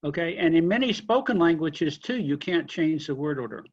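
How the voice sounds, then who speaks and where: A man lecturing a linguistics class, explaining question forms slowly with examples and apologizing for being unclear. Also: fairly high pitch, animated, highs cut off. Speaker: linguistics instructor.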